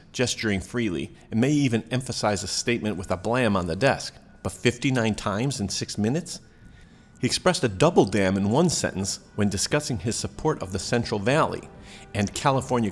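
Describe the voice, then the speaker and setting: A man reading a news commentary article aloud as narrator, with a dry, wry delivery. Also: on the low side.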